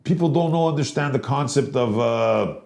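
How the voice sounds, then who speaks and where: A man's voice: medium pitch, moderate pace, gravelly, darkish tone, reverberant. A man co-hosting a podcast, telling stories in loose, profane, rambling casual chat; he moved to Canada as a child. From immigrant to Canada. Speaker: podcast co-host.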